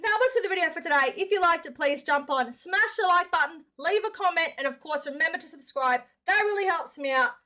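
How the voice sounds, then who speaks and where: An Australian woman hosts a casual reaction video, talking straight to her audience. Her voice sits high and sounds bright and forceful. She keeps calling her viewers mate. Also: lively intonation, fairly quick, few pauses. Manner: chatty, addresses viewers as mates.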